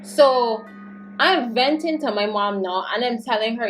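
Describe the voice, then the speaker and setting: A young woman telling a storytime vlog story, animated and slangy as she vents. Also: a little high, measured pace, faint music behind. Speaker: YouTuber.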